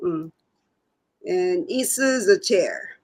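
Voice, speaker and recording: A woman's voice: on the low side, huge pitch swings, slow pace, vocal fry, slightly rough, low-quality recording. A woman co-hosting a casual livestream with her son, teasing and laughing often, with phrasing. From Japan. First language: Japanese. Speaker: co-host, the host's mother.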